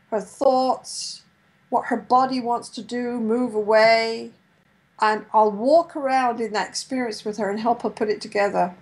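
A middle-aged woman giving a lecture on couple therapy, sometimes acting out therapist and client lines in a gentle voice. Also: a little high, poor audio. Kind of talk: lecture with role-played therapy dialogue.

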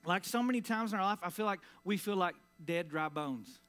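A man preaching a sermon in church in a casual, conversational way, full of fillers, sometimes dropping to a quiet, low voice for emphasis. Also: lively intonation, a little fast, clear, resonant tone. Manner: conversational preaching with many "like" and "all right" fillers. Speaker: pastor. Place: church sanctuary.

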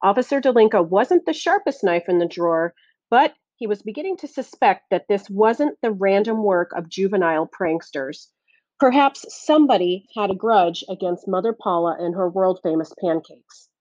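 A woman reading a novel aloud as audiobook narration, steady and clear. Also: medium pitch, normal speed, dry recording, lo-fi sound. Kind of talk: scripted narration.

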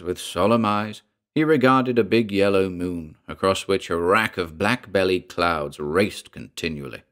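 A man narrating a horror story in a measured, dramatic storytelling voice. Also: fairly low pitch, fairly bright tone.

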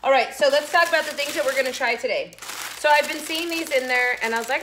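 A middle-aged woman hosting a casual food review vlog, chatty and jokey, with quick asides that sometimes drop to a whisper. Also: sits high, noisy background. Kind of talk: casual chat to camera.

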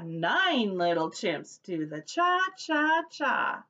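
A high, bouncy woman's voice, a preschool teacher who reads slowly and carefully to young children and leads them in chants. It sounds slightly dull and lo-fi. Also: sing-song, a bit bright. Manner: cheerful sing-song teacher voice, leads call-and-response chants. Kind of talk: reading a picture book aloud to young children.

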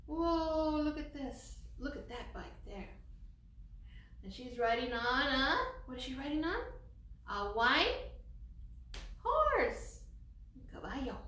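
A woman children's librarian reads a picture book aloud, encouraging her young listeners and dropping in Spanish words. Her voice sits high and swings widely, and she takes her time. She sounds set back from the mic in a roomy, echoing space. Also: expressive, unhurried, pushed and bright, far from the mic. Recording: echoey room, voice from off-mic.

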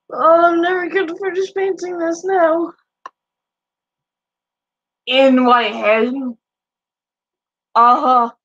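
A woman's voice: very high voice, fairly even intonation, extremely slow, long pauses, a bit bright, highs cut off. A woman streamer in casual live-stream chat, profane and teasing, laughing often as she talks back to viewers.

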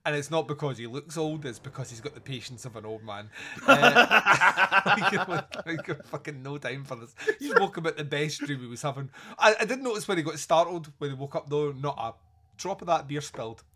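Podcast host, male, slightly higher voice, loose rambling delivery, chuckles through his plot summary. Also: lively intonation, moderate pace, pushed and bright. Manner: rambling, giggly scene recap. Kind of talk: casual film review chat.

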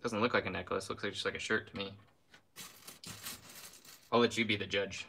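A man's voice: on the low side, steady tone, brisk, sharp tone, a little hiss or hum. A young man hosting a casual live stream, ranting with heat, then apologizing with a laugh and reading out viewer names. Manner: reads viewer names aloud.

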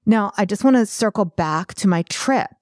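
A woman's voice: mid-range voice, expressive, normal speed, a little mellow, no echo, studio quality. A woman hosting her own podcast, a chatty and self-deprecating art business coach talking solo.

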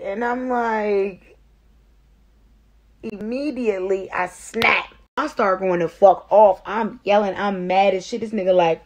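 Young woman doing a storytime, loud and profane, doing all the voices herself. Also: mid-range voice, measured pace, gravelly. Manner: brash, profane and animated, acting out voices. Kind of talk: comedic storytime.

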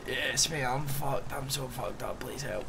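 A young man with a Scottish accent rambles excitably through an in-character game roleplay, swearing at every turn. His voice sits at an ordinary pitch. Loud game sounds roar behind him throughout. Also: unhurried, creaky, background noise. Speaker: roleplay streamer.

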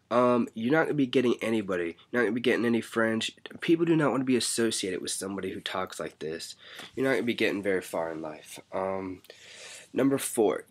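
A man giving blunt, exasperated dating advice in a casual vlog. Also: on the low side. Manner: blunt, exasperated, mocks clingy talk. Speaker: vlogger.

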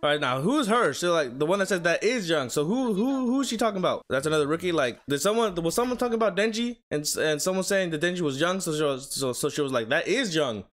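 A man's voice: on the high side, animated, fast talker, few pauses, a bit bright. A young man casually reacting to an anime episode, chatting at the screen and reading the subtitles aloud. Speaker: reaction video host.

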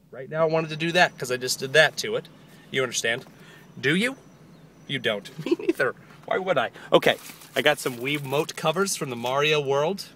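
A man vlogging casually outdoors, rambling excitedly about birthday gifts and giggling often. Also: medium pitch, slight background noise. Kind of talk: casual chat. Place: outdoors near a parking lot.

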